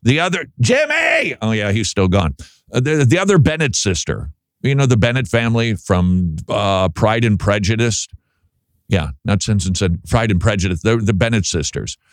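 A man with a Minnesota accent talks on his radio show, rambling and joking as he hunts for the right word. His voice sits fairly low. The studio sound is dry and close. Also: expressive, moderate pace, no room sound. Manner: rambling, jokey, searches aloud for words. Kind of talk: casual radio talk.

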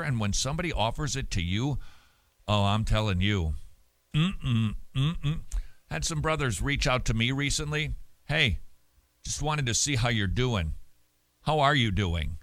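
A man hosting a show, answering listener mail in casual talk, animated and emphatic with many restarts and repeated words. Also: medium pitch, no echo. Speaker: radio show host.

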